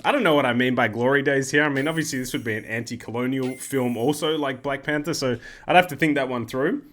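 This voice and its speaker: A man's voice: medium pitch, fast, few pauses, fairly bright tone, faint music behind. A man hosting casual game commentary, rambling and joking and often interrupting himself. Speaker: gaming video host.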